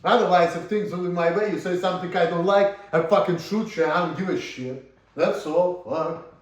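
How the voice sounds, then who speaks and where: A man whose first language is Russian delivers a blunt, profane vlog rant with a high-pitched voice. He circles back over his points and keeps asking "you see?". The recording carries a roomy echo. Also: moderate pace. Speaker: vlogger. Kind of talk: ranting vlog monologue.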